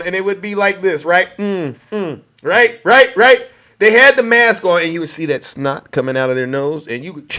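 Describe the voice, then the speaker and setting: A man giving a mocking, ranting political commentary, often turning to his listeners with a direct address. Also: on the high side. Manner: mocking, keeps addressing "ladies and gentlemen".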